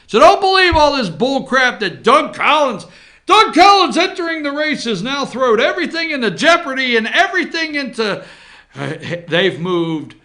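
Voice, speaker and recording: A man's voice: very high voice, bright, forceful tone. A man hosting a casual political commentary show, rambling and sarcastic as he gets fired up. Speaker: host.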